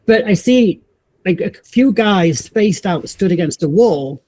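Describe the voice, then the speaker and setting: A woman, a podcast guest telling a personal story in animated fashion, acting out the voices of people she met and often restarting her sentences. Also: mid-range voice, a little slow. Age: 50s. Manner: acts out quoted voices, frequent restarts.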